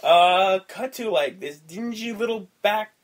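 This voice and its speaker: A man with a notably high speaking voice chats casually on a podcast, retelling a wrestling show with animated bits of acted-out dialogue. He sounds relaxed and conversational, trading quick remarks with his co-host. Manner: animated retelling, acts out quotes. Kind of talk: casual wrestling recap chat.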